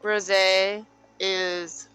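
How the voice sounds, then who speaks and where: A woman's voice: medium pitch, level tone, extremely slow, a bit bright, clear, resonant tone, soft background music, low-quality recording. A woman playing a tabletop role-playing game, describing her character's actions and speaking in character. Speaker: player.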